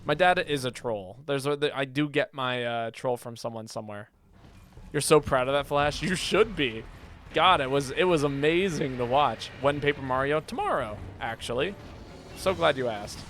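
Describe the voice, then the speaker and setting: A man streaming a game, chatting casually and joking with his viewers, now and then yelping with excitement. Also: mid-range voice, moderate pace, slight background noise. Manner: relaxed, joking, with sudden excited yelps. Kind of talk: casual gameplay chat. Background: game music.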